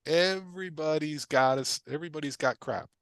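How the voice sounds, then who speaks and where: A man's voice: on the high side, dry recording. A middle-aged man teaching a live online class in an emphatic, repetitive way, driving points home with questions and casual asides. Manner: punchy, casual asides with quick tangents. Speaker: guest real estate investor teaching. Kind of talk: energetic livestream teaching talk.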